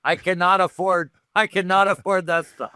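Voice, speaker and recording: A man's voice: high-pitched, fairly even intonation, normal speed, sharp tone, clean tone, no room sound, studio quality. A man talking as a guest on a casual podcast, joking and self-mocking and laughing often. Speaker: guest hockey analyst.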